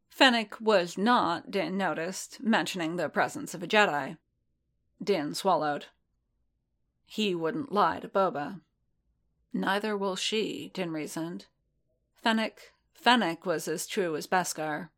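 A woman reads a story aloud with even, unhurried narration. Her voice sits fairly low for a woman. She now and then restarts a phrase. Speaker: reader. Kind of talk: reading fan fiction aloud.

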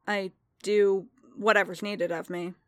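A woman reading as a quiet, steady male bounty hunter. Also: medium pitch, unhurried, dry recording, studio quality, lightly acted. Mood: firm.

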